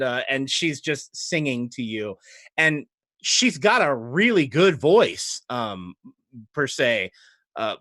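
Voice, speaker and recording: A man's voice: on the high side, no room sound, studio quality. Laid-back man running a tabletop game. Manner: relaxed, rambling narration with many fillers. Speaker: game master.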